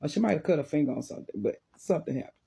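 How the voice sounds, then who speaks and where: Husky, animated woman telling a story. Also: sits low, very fast. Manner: animated, laughing, vivid sound effects. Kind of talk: casual storytelling.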